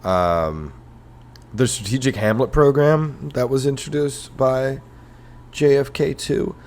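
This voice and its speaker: A man's voice: medium pitch, slow, darkish tone. A young adult man hosting a comedy history podcast, ranting irreverently with sarcasm, swearing, and rambling fillers. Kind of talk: casual comedic rant. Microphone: headphones and podcast mic.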